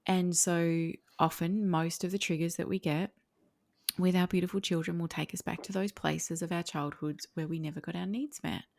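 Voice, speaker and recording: A woman's voice: lowish voice, fairly even intonation, normal speed, vocal fry, a little mellow, no room sound, studio quality. A middle-aged woman, a parenting coach, speaking earnestly and reflectively in a podcast conversation.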